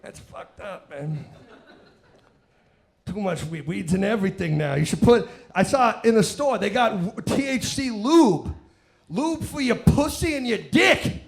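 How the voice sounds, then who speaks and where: A man doing stand-up comedy on a live stage, profane and rambling, working the crowd with bursts of shouting. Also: sits high, expressive, a little slow, gravelly.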